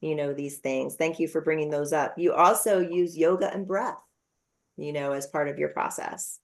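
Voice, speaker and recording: This middle-aged woman hosts a podcast interview, speaking at a normal speed in a low voice with fairly even intonation. She chats casually and warmly, sharing personal stories peppered with plenty of fillers.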